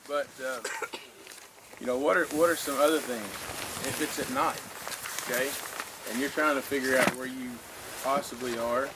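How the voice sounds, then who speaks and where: A man with a Southern US accent teaching land navigation to a class, folksy and full of questions to the room. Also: mid-range voice. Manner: folksy, asks the room questions, many "you know" and "okay". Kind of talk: informal classroom lecture. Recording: noisy room recording.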